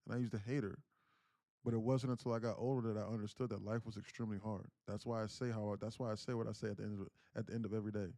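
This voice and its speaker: A man's voice: lowish voice, flat delivery, racing, mellow, no room sound, clean studio sound. A man around thirty, a livestream host, earnestly telling a personal family story and often repeating his phrases. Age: 30s. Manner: earnest, candid, repeats himself while recounting. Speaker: day trading livestream host.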